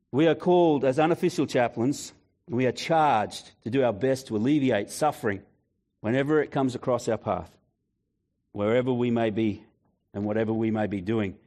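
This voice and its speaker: A man's voice: medium pitch, a little mellow. Conversational male preacher telling stories. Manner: storytelling, conversational, addresses congregation directly. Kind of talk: sermon.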